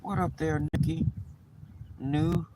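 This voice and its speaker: A man's voice: fairly high pitch, fairly even intonation, takes it slowly. A man chatting casually and profanely while he drives, rambling and joking. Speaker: livestream host. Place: in a car, then a park. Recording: distant mic with loud road noise.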